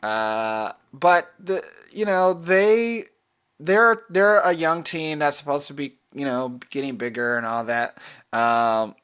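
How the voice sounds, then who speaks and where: A man's voice: fairly high pitch, animated, slow pace, a bit bright, clear, resonant tone. A man co-hosting a podcast, talking through soccer picks in a rambling way, with many fillers and restarts. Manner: rambling, self-correcting, frequent fillers. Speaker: podcast co-host. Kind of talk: casual chat about soccer picks.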